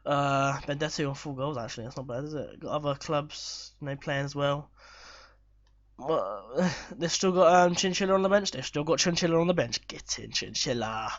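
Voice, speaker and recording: A man commentating live on his football management game, excitable and swearing when chances are missed. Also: on the high side, moderate pace, dry recording, lo-fi sound. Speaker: gaming YouTuber.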